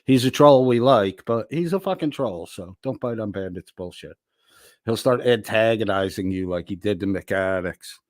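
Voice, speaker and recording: A man's voice: fairly low pitch, moderate pace, dry recording, clean studio sound. A man hosting a livestream, reading viewer comments aloud with profane, wisecracking asides. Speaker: livestream host reading chat.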